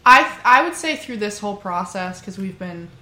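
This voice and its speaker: A woman's voice: medium pitch, lively intonation, sharp tone, echoey room. A young woman in casual chat who talks a lot, fills her speech with "like" and laughs easily. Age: young adult. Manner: chatty, lots of "like", quick laughs.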